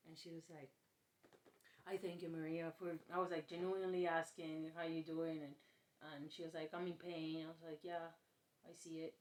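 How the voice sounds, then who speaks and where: Low-voiced woman rambling in a roomy echo. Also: fairly even intonation, normal speed. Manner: rambling retelling of a conversation, acting out the quotes, with swearing and laughter. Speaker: vlogger. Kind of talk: casual storytelling to camera.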